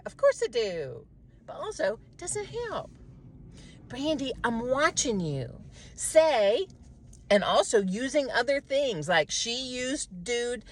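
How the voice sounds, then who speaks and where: A middle-aged woman in a casual self-reflective monologue, animated and talking to herself. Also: sits high, no room sound. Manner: animated, talks to herself, mimics others' voices. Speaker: vlogger.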